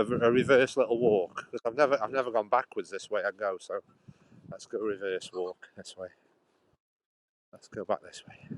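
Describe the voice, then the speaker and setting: A man, rambling in casual chat as he walks outdoors and livestreams from his phone beside a road. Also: on the low side. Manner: rambling, chatty, restarts sentences often. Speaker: livestream host. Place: outdoors walking by a busy road. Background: traffic and sawing noise.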